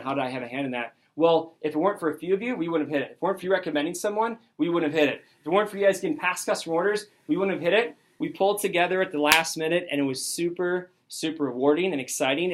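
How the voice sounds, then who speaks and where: A young man gives a motivational talk to his sales team, his voice sitting a little high for a man. He tells the story excitedly and acts out each person's lines as he goes. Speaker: sales district manager.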